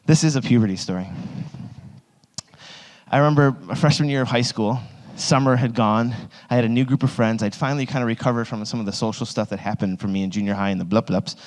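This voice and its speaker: A youth pastor in his thirties talks fast at medium pitch, telling a rambling, self-mocking personal story in a sermon packed with "like" fillers. He's picked up by two stage microphones in a large hall with an audience, and the recording carries a long hall reverb.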